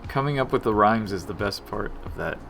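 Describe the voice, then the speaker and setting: A man's voice: lowish voice, animated, brisk, creaky, fairly bright tone, soft background music. A man casually chatting on a live dev stream, self-deprecating and muttering to himself as he works. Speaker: game developer streaming his work.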